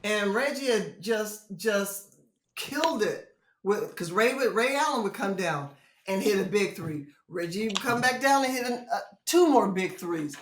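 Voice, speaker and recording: A woman guest in a casual interview, telling stories in an animated way, often laughing. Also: medium pitch, a little slow, echoey room, a little hiss or hum. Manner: animated storyteller who laughs often and does voices. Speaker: guest, former basketball player and commentator.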